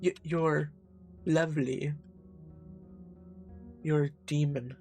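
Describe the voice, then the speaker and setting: A man's voice: a little high, fairly even intonation, takes it slowly, darkish tone. A frightened woman professor, read aloud by a man pleads with a demon in a game. She sounds shaken and unsure. Faint music sits behind her.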